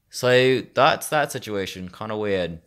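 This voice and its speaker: Very deep-voiced man vlogging slowly. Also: fairly bright tone. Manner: slow, pausing as he thinks. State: sore mouth. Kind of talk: casual unscripted vlog. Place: bedroom. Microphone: phone.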